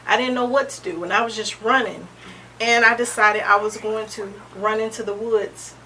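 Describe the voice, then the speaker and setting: A woman in her thirties, an interview guest sharing a personal testimony in a halting, earnest way, often pausing with "um" and restarting. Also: on the high side, fairly even intonation, pushed and bright. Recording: distant mic with faint background noise.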